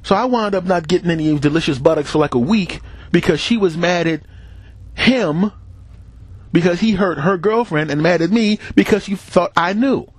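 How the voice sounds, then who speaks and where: A middle-aged podcast host tells comic stories in a casual monologue, recorded with no room sound. His voice is high-pitched with a breathy edge and a moderate pace, and he animatedly acts out the voices of the people involved, laughing between bits.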